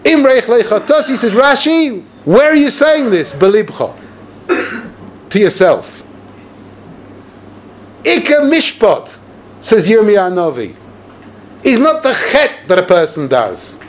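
A man giving a yeshiva-style Torah lecture as a rabbi, animated and sarcastic, peppering his English with Hebrew and Yiddish terms. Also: high voice, slow pace, long pauses, slight background noise.

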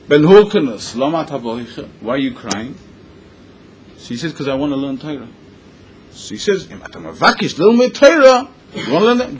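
Animated man retelling a Talmudic story. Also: mid-range voice, a little hiss or hum, low-quality recording. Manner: mixes Hebrew and Yiddish terms into English, animated retelling. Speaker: Torah teacher.

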